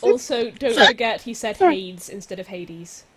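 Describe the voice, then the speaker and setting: A woman playing a tabletop game, chatting casually, excitable and swearing freely. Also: mid-range voice, measured pace, a crowd in the background. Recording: noisy home stream audio.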